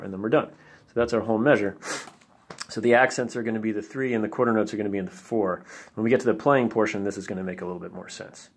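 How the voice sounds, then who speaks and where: Man, drum teacher, patient step-by-step explanations, counts beats aloud, lowish voice. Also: fairly even intonation, fast talker. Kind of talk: instructional explanation.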